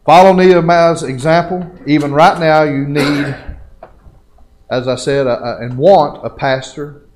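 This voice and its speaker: Country preacher guy, kinda high voice, folksy, gets fired up asking the church stuff. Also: steady tone, measured pace, darkish tone, low-quality recording. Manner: rising, exhorting, folksy preaching with rhetorical questions; colloquial country phrasing. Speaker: lay preacher. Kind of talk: live church sermon. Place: church sanctuary.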